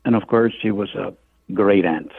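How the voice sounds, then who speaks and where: A man's voice: on the low side, normal speed, gravelly, slightly rough, no room sound. An older man from Cuba, an author guest, telling a vivid story in a radio interview. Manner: vivid storyteller, acts out voices in his quotes. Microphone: phone. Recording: tinny phone line.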